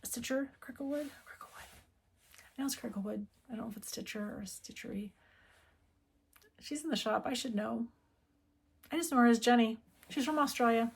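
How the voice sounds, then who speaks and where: In casual talk, this American needlework shop owner in middle age rambles and breaks into her own sentences. She speaks a little high and fairly quickly, her voice creaky and slightly rough, with frequent pauses.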